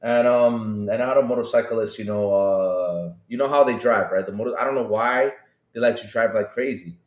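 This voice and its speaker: A man co-hosting a podcast who chats loosely, often stopping to restart his sentences. His voice is mid-pitched, and the room gives it a noticeable echo. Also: moderate pace, lo-fi sound. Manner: rambling, hesitant with many fillers. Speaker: podcast co-host. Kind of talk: casual chat. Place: Panama.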